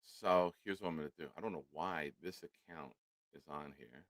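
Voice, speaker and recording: The host of this casual sports livestream has an extremely low voice, talks at normal speed, and is recorded dry. He reads supporters' names aloud to thank them, swearing casually and staying animated throughout.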